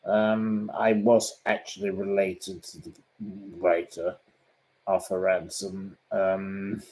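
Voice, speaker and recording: Brief: man, host, talks slowly and bluntly, fends off questions with indignation. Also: low-pitched, little pitch movement, darkish tone, low-quality recording. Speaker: host answering viewer questions. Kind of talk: casual live-stream chat.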